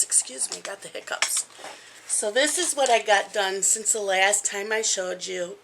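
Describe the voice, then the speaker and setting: A woman's voice: medium pitch, unhurried, vocal fry, sharp tone, a little hiss or hum. A woman in her fifties chatting casually at home in a rambling vlog, with frequent ums. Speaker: crafting vlogger.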